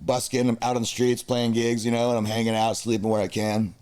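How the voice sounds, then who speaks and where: Animated American man telling crude stories. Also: medium pitch, a little fast, smooth. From United States. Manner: animated, crude, comic storytelling. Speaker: musician guest. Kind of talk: storytelling in a casual podcast chat.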